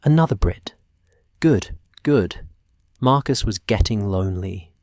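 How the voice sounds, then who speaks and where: A man voicing a burly, boisterous veteran dragon handler with a booming, hearty manner. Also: animated, measured pace, darkish tone, dry recording, studio quality.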